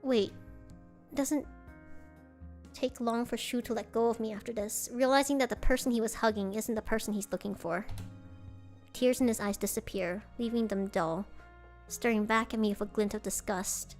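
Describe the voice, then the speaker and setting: Expressive woman streamer reading a game. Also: fairly high pitch, moderate pace, faint music behind. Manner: expressive, reacts with dismay. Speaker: streamer reading a visual novel. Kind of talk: reading game text aloud with reactions.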